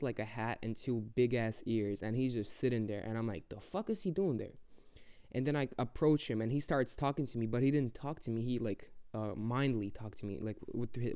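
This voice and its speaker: A man's voice: mid-range voice, dark tone, smooth. A young man casually telling a rambling, profane story as a vlogger.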